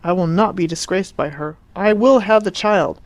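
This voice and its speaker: A woman's voice: lowish voice, normal speed, no room sound, natural voice. A woman reading the part of an agitated, elegant upper-class English mother with a clipped, imperious way of speaking. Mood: insistent.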